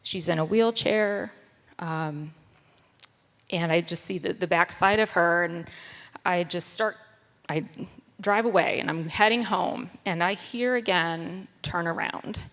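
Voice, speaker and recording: A woman, a church member, sharing a personal testimony in an earnest, halting way with many fillers. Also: lowish voice, fairly bright tone. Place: church sanctuary. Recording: long reverb of a church hall.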